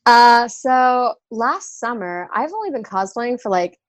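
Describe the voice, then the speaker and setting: A woman's voice: a little high, lively intonation, unhurried, no room sound. A young woman with a Southern US accent, a podcast guest telling stories in a bubbly, giggly way. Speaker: guest cosplayer. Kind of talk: casual chat.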